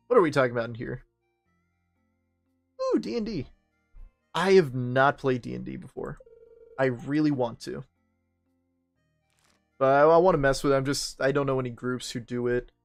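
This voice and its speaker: A man's voice: mid-range voice, creaky. A young man telling a rambling, profane, self-mocking story while streaming a game, with faint game music behind him. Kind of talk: casual storytelling while gaming.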